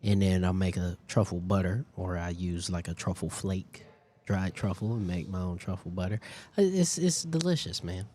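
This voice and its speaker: A man's voice: deep voice, moderate pace, dark tone, slight background noise. A man co-hosting a casual food podcast, talking animatedly with lots of fillers and sometimes eating as he speaks. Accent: Detroit, Michigan. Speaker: podcast co-host. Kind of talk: casual chat.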